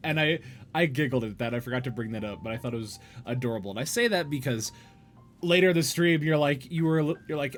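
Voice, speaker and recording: Brief: young male stream host, mid-pitched, rambling and chatty, faint music underneath. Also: quick pace. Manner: rambling, chatty, reads chat aloud. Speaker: podcast host. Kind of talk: casual livestream chat.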